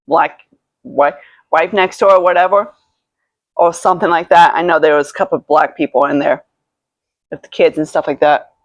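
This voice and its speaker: Deep-voiced and recorded with no room sound, a woman chats while putting on makeup as a beauty vlogger. Her story meanders with frequent swearing and false starts, captured in dull, dry lo-fi audio.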